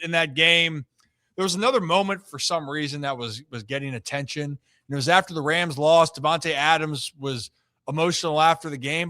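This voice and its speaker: A man's voice: fairly high pitch, sharp tone, no room sound, studio quality. A man hosting a sports talk show, giving emphatic opinions in casual chat. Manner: opinionated, emphatic, drawn-out stresses.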